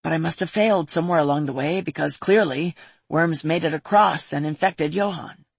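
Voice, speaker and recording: A woman reading a storybook voices a composed sorceress who explains past events in a measured way. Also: low-pitched, gravelly, breathy edge, dry recording, exaggerated voice. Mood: explaining.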